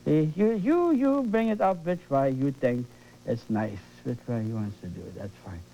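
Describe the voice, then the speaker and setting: A man's voice: mid-range voice, animated, moderate pace, mellow, a little hiss or hum. A man teaching painting as he works, fervent and coaxing, often repeating his words. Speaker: painting instructor. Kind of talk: live painting demonstration. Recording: dull lo-fi broadcast recording.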